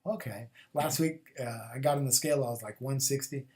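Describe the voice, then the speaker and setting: A man with a medium-pitched, darkish voice speaks a little fast while hosting a spiritual call-in show. His casual monologue rambles, full of fillers and repeated phrases, with rhythmic, chant-like questions.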